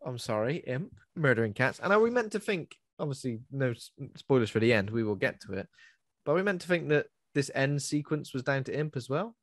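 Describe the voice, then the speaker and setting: A man guesting on a podcast, chatting about a film in an animated, swearing manner. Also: medium pitch, a little fast, no echo, studio quality. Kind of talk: casual film review chat.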